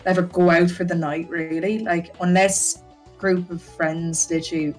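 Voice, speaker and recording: Chatty young woman, low voice. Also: flat delivery, normal speed, recorded from a distance, soft background music. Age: young adult. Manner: chatty, rambling, many fillers. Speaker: podcast guest, streamer. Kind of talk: casual podcast chat.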